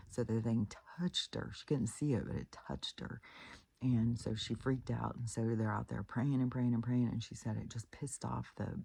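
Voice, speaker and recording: A woman's voice: very deep voice, vocal fry, mellow, slight background noise. A woman vlogger telling stories in a rambling, casual monologue, full of fillers and blunt swearing. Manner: rambling, with many fillers and restarts. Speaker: spiritual vlogger.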